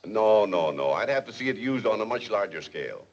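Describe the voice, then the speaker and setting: An actor playing a cautious, businesslike school board official in a 1940s film comedy, speaking in a measured, official way. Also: male voice, fairly low pitch, sing-song. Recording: muffled 1940s film soundtrack with hiss.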